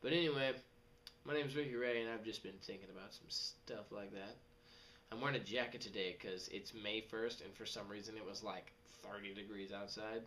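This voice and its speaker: A young man, rambling casually in a vlog and jumping into high mocking voices. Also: fairly quick, a little hiss or hum. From West Texas. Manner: animated, jumps to high mocking voices when quoting people. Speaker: vlogger.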